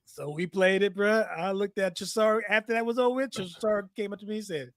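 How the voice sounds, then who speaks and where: Animated man telling stories. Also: sits high, normal speed, dry recording, clean studio sound. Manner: animated storyteller, acts out quotes. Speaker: podcast co-host. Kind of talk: casual storytelling chat.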